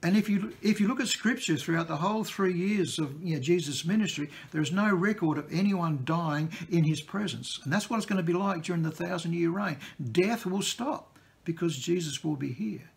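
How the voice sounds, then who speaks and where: A man's voice: on the high side, moderate pace, creaky. A man preaching a sermon in a plain-spoken, conversational teaching way.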